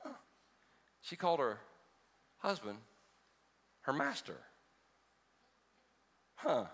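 A male pastor with a high voice preaches to his congregation, mixing comic storytelling with fervent calls to believe. His tone rings bright and forceful, carried by the long reverb of a big church hall. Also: wildly swooping pitch, takes it slowly, gravelly. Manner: humorous storytelling, rising to emphatic exhortation. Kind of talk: sermon. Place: church auditorium before a congregation.

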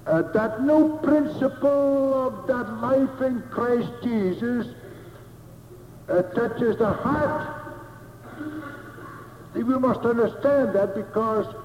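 Male preacher, high voice, deliberate sermon delivery, dull lo-fi sound. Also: a little hiss or hum. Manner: slow, emphatic, repeats key phrases. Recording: echoey hall, dull lo-fi sound.

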